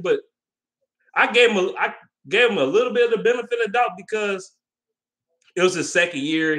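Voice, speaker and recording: A man's voice: high voice, fairly bright tone. Man ranting heatedly on his vlog. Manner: heated, profane, repetitive ranting; answers viewer questions. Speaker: vlogger. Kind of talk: casual sports rant.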